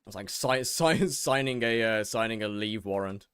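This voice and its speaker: A man's voice: lowish voice, moderate pace, a bit bright, clean tone, no echo. A young man from England, streaming a game and bantering sarcastically with his chat. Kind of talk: casual chat with viewers while gaming.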